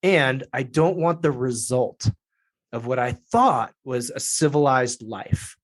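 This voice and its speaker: Guy telling a story on a podcast, swears a lot, animated, mid pitch voice. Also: slow pace. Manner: profane, energetic storytelling. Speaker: podcast guest. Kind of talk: casual storytelling.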